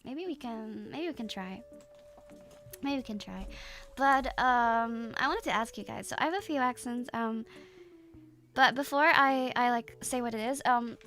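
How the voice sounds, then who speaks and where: A woman's voice: on the high side, unhurried, a bit bright. A young adult woman streamer chatting casually with her viewers, rambling and hesitant with many restarts and fillers.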